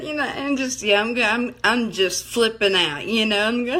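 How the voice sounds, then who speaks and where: A woman's voice: on the high side, moderate pace, hardly any pauses, pushed and bright. A middle-aged woman, hosting a live stream, chatting casually and telling a rambling story with frequent laughs. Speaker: livestream host.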